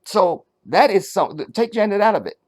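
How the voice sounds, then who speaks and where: A man hosting his own commentary channel, talking in a casual, animated way and checking that the viewer is following. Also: sits high, normal speed. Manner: animated, talks straight to the viewer, asks if they follow; searches for words, many restarts and fillers.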